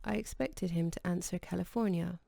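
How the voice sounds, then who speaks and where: A woman narrating an audiobook in a calm, measured reading style. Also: lowish voice, creaky, dry recording, studio quality. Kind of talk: scripted narration.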